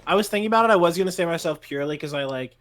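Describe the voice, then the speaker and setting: A man speaking as a guest in a casual gaming interview, energetic and hyped. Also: fairly high pitch, rapid-fire, no room sound. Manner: hype, energetic. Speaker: team player, guest. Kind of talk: casual chat over voice call.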